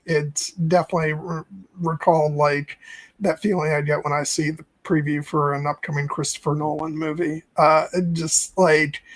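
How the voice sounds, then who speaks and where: A man hosting a casual movie chat with a slightly high voice, recorded close and dry. He talks with eager enthusiasm, tripping over restarts and dropping the odd swear word. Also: no echo. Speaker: podcast host. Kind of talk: casual film discussion.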